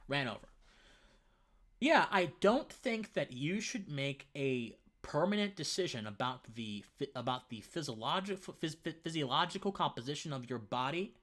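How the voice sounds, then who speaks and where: A young man hosting a casual opinion livestream. He rambles, stumbles over words and often restarts his sentences. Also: medium pitch. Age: young adult. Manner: lively and conversational, says man often. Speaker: livestream host.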